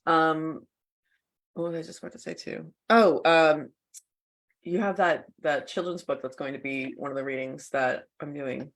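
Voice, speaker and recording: A woman's voice: sits low, fairly even intonation, moderate pace. A woman co-hosting a casual podcast, chatty and laughing often between thoughts. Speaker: co-host.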